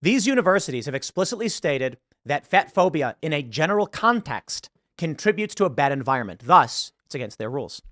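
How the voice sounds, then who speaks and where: A man's voice: fairly high pitch, sing-song, brisk, few pauses, a bit bright, no room sound, clean studio sound. A man giving emphatic online commentary, often repeating words as he pushes his points. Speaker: political commentator.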